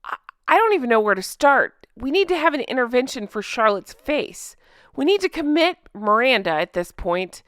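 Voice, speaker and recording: A woman's voice: fairly high pitch, big pitch swings, normal speed, a bit bright, dry recording. A woman hosting a TV recap, ranting in an exasperated, profane and emphatic way into a close microphone. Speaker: host.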